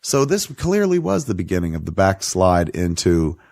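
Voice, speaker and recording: A man hosting a podcast, chatting casually and profanely about a film, rambling and quick to laugh. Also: deep voice, big pitch swings, vocal fry, a little mellow, no room sound. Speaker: podcast host. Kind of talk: casual film review chat.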